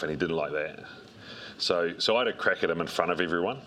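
Very deep-voiced New man, relaxed. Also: quick pace. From New Zealand. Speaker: strength and conditioning coach, guest. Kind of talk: interview storytelling.

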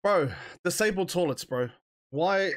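A man's voice: high voice, expressive, measured pace, a loud crowd. A man hosting a podcast, chatting casually and joking with slang. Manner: joking, slangy, laughs often. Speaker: podcast host. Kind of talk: casual chat.

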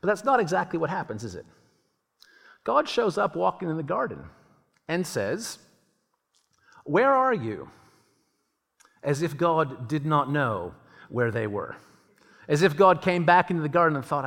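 A man preaching a sermon in a lively, conversational way, acting out the voices he quotes. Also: high voice, creaky. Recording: long hall reverb.

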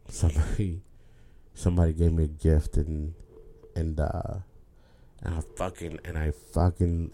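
In a very deep, gravelly, mellow voice, a man speaks candidly to his viewers, rambling emotionally and casually swearing while repeating words. A little hiss or hum sits under this personal monologue.

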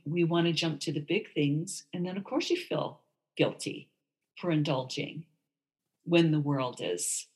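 Woman co-host, low-pitched voice, candid and chatty, acts out quoted lines. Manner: candid, animated storytelling with lively quoted voices. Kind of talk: casual chat.

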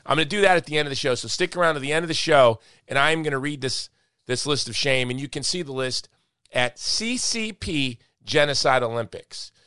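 A man's voice: medium pitch, lively intonation, fairly quick, sharp tone, clear, resonant tone, no room sound, studio quality. A man hosting a podcast in casual chat, speaking with passion and repeating points for emphasis. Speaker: podcast host.

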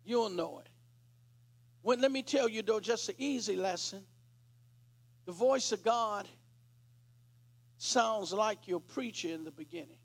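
High gravelly preacher man, slow. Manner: preaching with dramatic retelling, clears throat. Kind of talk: sermon.

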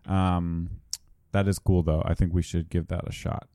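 A man hosting a casual podcast, relaxed and chatty, laughing easily. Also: sits low, takes it slowly, no echo, studio quality. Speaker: podcast host.

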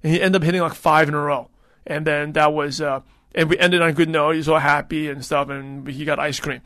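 A man in his thirties talks through a casual solo podcast in a fairly high voice. He rambles and restarts often and leans on fillers. The sound is dry and close, with no room around it. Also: level tone, brisk, bright, forceful tone, no room sound. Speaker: podcast host.

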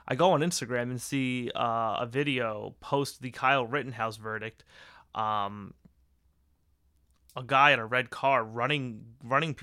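A man's voice: mid-range voice, pushed and bright, clear, resonant tone, no echo, studio quality. A man hosting a casual solo podcast, rambling and swearing freely, often breaking into laughter. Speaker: podcast host.

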